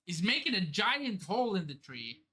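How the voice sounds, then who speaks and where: A man reading a manga chapter aloud on a live stream, reacting with excited outbursts and casual swearing. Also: high voice, moderate pace.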